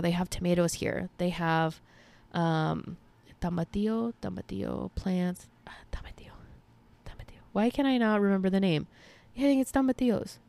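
A woman's voice: fairly low pitch, clean tone, no room sound. A young woman hosting a podcast, telling a story in casual chat with lots of fillers and casual swearing. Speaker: podcast host.

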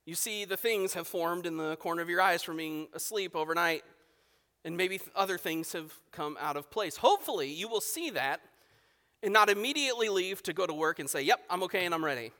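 Pastor, male, 30s: high, bright, emphatic delivery, church hall reverb. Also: a little fast. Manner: emphatic preaching with dramatic swings in volume. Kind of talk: sermon. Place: church sanctuary.

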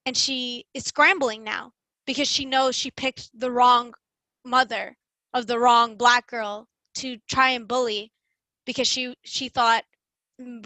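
Brief: young woman, high bright voice, chatty casual storyteller, close dry sound. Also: dry recording, rough recording. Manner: animated, chatty, lots of "like" fillers.

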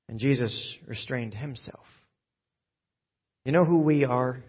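A man, a pastor, preaching a sermon, dropping to a hush and then rising loud and urgent. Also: medium pitch, takes it slowly, pauses often, husky, lo-fi sound. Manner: swings from hushed to loud and urgent.

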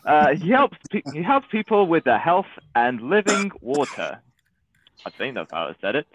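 A man's voice: a little high, sing-song, normal speed, dry recording, rough recording. A man hosting a casual podcast, upbeat, with short reactions and plain questions. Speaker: podcast host.

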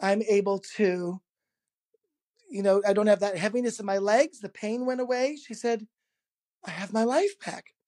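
A man, a guest in an interview, telling a personal anecdote in a lively, casual way, laughing often and acting out the quoted dialogue. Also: high-pitched, normal speed, pauses often. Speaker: interview guest, energy healer.

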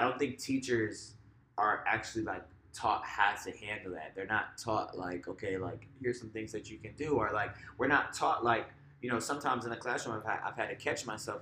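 A man's voice: fairly low pitch, a little fast, a little hiss or hum. Laid-back man, echoey room. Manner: relaxed, filler-heavy, acts out classroom voices. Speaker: teacher and podcast co-host. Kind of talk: casual conversational chat.

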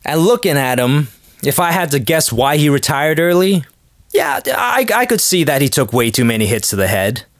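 A man's voice: a little high, big pitch swings, moderate pace, no room sound, clean studio sound. A man hosting a podcast, rambling in a joking, casual monologue and acting out quotes in little voices. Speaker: podcast host.

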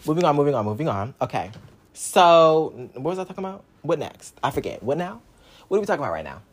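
A young man talking through his own story in a casual, sassy monologue. He swears freely and swings between loud outbursts and low mutters. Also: sing-song, fast, slightly rough.

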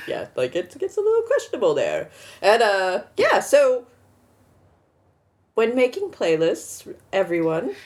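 A woman's voice: medium pitch, a little slow. A middle-aged woman co-hosting a podcast in casual chat, telling stories and acting out what people said. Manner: animated storyteller, acts out quotes. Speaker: podcast co-host.

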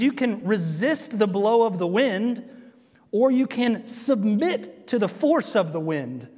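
Male pastor with a high voice, earnest sermon delivery full of questions to the congregation, recorded in a church hall with a long echo. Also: darkish tone. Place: church sanctuary.

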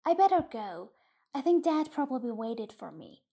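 A woman voicing Nick, a shy young boy who is easily teased, in a gentle audiobook reading. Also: sits high, sing-song, moderate pace, breathy edge, heavily acted. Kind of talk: audiobook reading of a short story.

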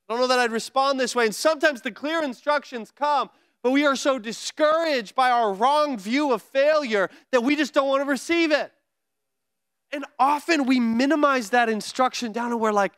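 A male pastor preaching a sermon in an energetic, conversational way, with playful asides. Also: extremely high pitch, normal speed, clear, resonant tone, no room sound, studio quality.

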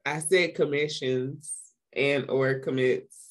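A podcast co-host in casual chat with a stuffy nose, expressive and profane, laughing often and acting out quotes. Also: mid-range voice, takes it slowly. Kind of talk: casual chat recapping a TV series.

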